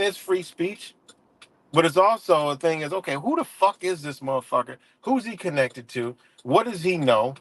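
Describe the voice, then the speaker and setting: A man's voice: fairly high pitch, a bit bright. A man hosting a casual livestream, ranting heatedly and profanely with lots of fillers and restarts. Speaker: livestream host.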